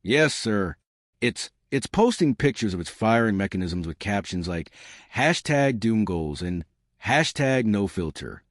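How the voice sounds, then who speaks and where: A man's voice: on the low side, sing-song, measured pace, no room sound, studio quality. A man voicing a nervous male alien aide who reports in a hesitant, apologetic way. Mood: sheepish.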